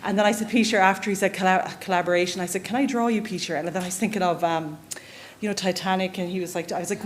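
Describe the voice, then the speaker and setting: A woman speaks at a conference through a stage microphone. She talks fast in a lowish voice, chatty and self-deprecating, with faint room noise behind her. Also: fairly even intonation. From Ireland. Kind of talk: conference presentation.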